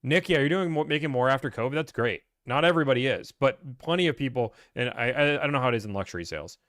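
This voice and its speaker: A man hosting a casual Q&A stream, blunt and ranting, acting out salesmen in quick put-on voices. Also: mid-range voice, expressive, a bit bright, no echo, clean studio sound. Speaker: host answering viewer questions. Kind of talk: casual livestream Q&A.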